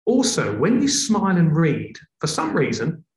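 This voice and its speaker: Male presenter, lively shifts in tone, a touch high-pitched, roomy sound. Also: moderate pace. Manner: expressive, varies tone for emphasis. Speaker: TV presenter, guest. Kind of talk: explaining presenting technique in a conversation.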